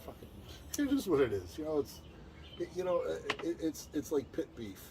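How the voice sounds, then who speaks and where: A man's voice: on the high side, normal speed, creaky, noisy background. A man, a band member and guest, telling rowdy tour stories in casual chat, swearing often and acting out what others said. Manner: animated, profane, acts out quotes in other voices.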